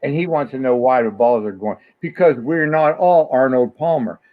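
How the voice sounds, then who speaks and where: A man's voice: mid-range voice, moderate pace. An older man, the host's father and guest, telling rambling stories in a casual chat over the phone. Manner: rambling anecdotes with restarts. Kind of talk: casual storytelling. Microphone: phone call. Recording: tinny phone line.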